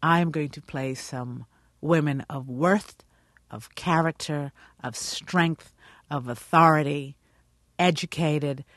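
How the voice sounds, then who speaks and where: Animated storytelling actress. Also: female voice, sits low, dry recording, studio quality. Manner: animated storyteller, acts out quotes. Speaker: actress and interview guest. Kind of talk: radio interview.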